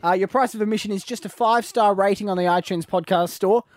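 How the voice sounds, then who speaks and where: A man's voice: sits high, quick pace, no echo. An Australian man co-hosting a podcast in casual comedic chat, giggling often and talking about himself in a self-deprecating, rambling way. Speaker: podcast co-host.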